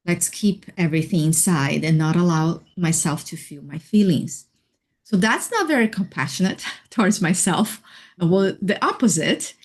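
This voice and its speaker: Slow, reflective woman on a video call. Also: fairly low pitch. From Hawaii. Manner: slow, thoughtful, with soft laughs and fillers. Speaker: interview guest, healer and life coach. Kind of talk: reflective personal storytelling.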